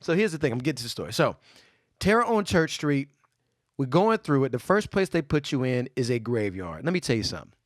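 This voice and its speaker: A man's voice: medium pitch, very animated, fairly quick, dry recording, studio quality. A man co-hosting a podcast, telling a story in loose slang and acting out other people's lines. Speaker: podcast co-host. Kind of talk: casual storytelling chat.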